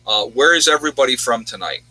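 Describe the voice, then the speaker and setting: A man's voice: medium pitch, expressive, fast talker, sharp tone, no echo, rough recording. A man hosting a casual livestream, chatting with viewers and rambling through their home towns. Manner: rambling, reads out viewers' locations. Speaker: livestream host.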